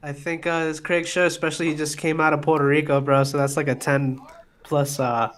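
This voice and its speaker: Relaxed, slangy male co-commentator. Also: on the high side, fairly quick. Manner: relaxed slangy chat, says bro. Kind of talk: casual live-stream commentary.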